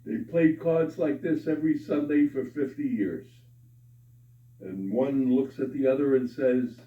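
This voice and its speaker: A man telling jokes to a live audience with a slow, deliberate delivery. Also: mid-range voice. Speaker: joke teller. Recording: echoey room from far off, dull sound.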